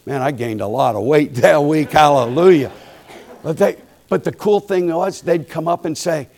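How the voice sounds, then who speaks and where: A male preacher telling a humorous story from the pulpit, quiet and folksy one moment and loud and fired up the next. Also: a little high, normal speed. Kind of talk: storytelling sermon.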